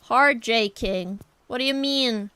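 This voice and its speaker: Young woman art streamer, unhurried and a little high, chatty and apologetic with chat, soft music underneath. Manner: chatty, apologetic, talks to chat while sketching. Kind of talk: casual live-stream chat while drawing.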